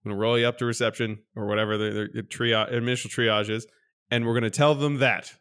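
A man co-hosting a podcast, telling a story in casual chat and jumping up in pitch when he acts out his exasperation. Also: fast talker. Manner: animated storyteller, jumps high when mimicking exasperation. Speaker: podcast co-host.

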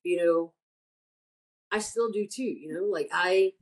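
A woman's voice: fairly low pitch, unhurried, low-quality recording. A woman co-hosting a podcast who speaks hesitantly and reassuringly, with lots of fillers. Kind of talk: casual chat.

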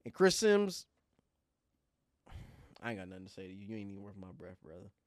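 Male podcast co-host, playful and emphatic, lively pitch, dry sound. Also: a little fast, no room sound. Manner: animated, playful, repeats phrases for emphasis. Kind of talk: casual sports chat.

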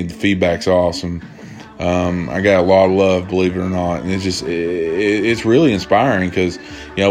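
A man hosting a casual solo podcast at home, rambling and cursing as he tells stories and acts out quoted voices. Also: deep voice. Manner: profane, rambling, animated storytelling with quoted voices. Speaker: podcast host. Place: at home, drinking bourbon while recording.

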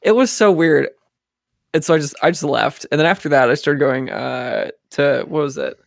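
A man's voice: on the high side, normal speed, vocal fry, no echo, studio quality. A young man casually telling a rambling story among friends, with lots of fillers.

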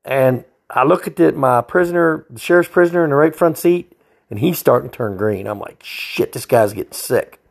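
A man's voice: on the high side, fairly quick, vocal fry. A man, a state trooper telling a story in a blunt, profane, folksy way. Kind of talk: casual storytelling.

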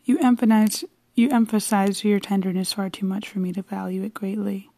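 A woman's voice: medium pitch, moderate pace, warm tone, dry recording, lightly acted. Woman reading as a tired, guarded noblewoman. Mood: cool.

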